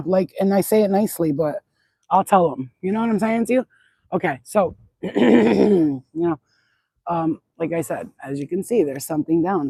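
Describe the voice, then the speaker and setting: A woman's voice: fairly low pitch, dark tone, slightly rough, no room sound, rough recording. A woman channeler chatting outdoors in a yard into a phone, rambling, blunt and swearing freely in a casual spiritual vlog.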